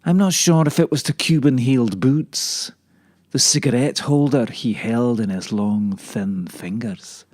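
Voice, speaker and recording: A man voicing a rambling old male kale leaf, telling stories in a dry deadpan comic monologue. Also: medium pitch, no echo. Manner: dry deadpan, drawn-out delivery.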